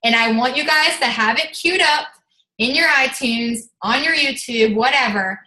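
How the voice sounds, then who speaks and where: A woman leading a motivational team call as a fitness coach. She is energetic and chatty, scatters "like" through her talk and swears casually. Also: high voice, normal speed, roomy sound, poor audio.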